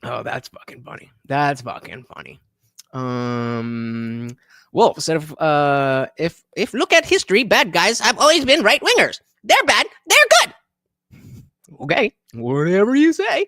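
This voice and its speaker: A man reads chat messages aloud and jabs back at them with sarcasm, his pitch leaping around as he talks. His voice is forceful and bright. It sits close and dry, with no room around it. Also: big pitch swings, a little slow, no echo. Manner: sarcastic, mocking; swings from loud outbursts to mumbling. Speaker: streamer. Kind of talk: live-stream chat reading and reaction.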